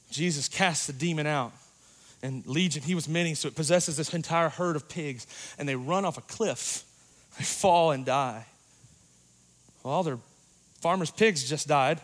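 A man preaching a sermon in a dynamic, conversational way, swinging between loud passages and hushed ones. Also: on the high side, normal speed. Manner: conversational, uses "like" and "you know".

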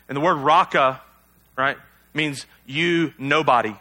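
Bright-voiced conversational preacher man. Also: mid-range voice, moderate pace. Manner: conversational, self-deprecating, rhetorical questions. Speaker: pastor. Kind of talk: sermon.

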